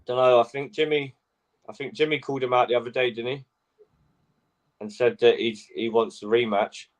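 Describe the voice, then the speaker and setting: A man's voice: medium pitch, fairly even intonation, moderate pace. A man co-hosting a casual chat, rambling and often asking "do you know what I mean". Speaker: co-host.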